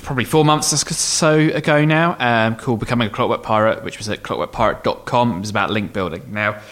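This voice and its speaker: Podcast co-host, male, lowish voice, casual advice-giving, lots of ums and self-corrections. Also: quick pace, a bit bright. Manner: rambling, thinks aloud with many ums and restarts. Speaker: podcast co-host answering listener questions. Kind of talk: casual explanatory chat.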